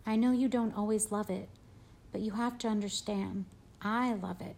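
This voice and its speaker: A woman reading an audiobook, voicing an affectionate father who talks to his son gently and jokingly. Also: medium pitch, animated, normal speed, close to an everyday voice. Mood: tender. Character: fond, gently teasing father of a boy. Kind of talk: audiobook character voice.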